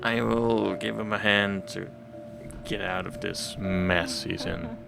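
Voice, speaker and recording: A man playing in a tabletop game, talking slowly and hesitantly as he thinks aloud about his moves. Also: low voice, flat delivery, vocal fry, noisy background. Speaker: player. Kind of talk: casual tabletop play.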